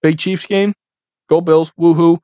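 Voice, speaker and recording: A young man hosting a casual solo podcast, ranting with lots of swearing in an animated, loose way. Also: medium pitch, normal speed, no echo. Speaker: podcast host.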